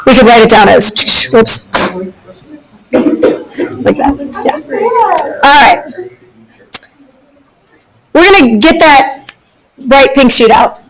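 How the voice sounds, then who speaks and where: Woman teacher with a high voice walking a classroom through friction, upbeat, keeps asking if everyone's ok. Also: expressive, slow pace, long pauses, crowd noise, poor audio. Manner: upbeat, checks in with students often. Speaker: physics teacher. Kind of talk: classroom lecture.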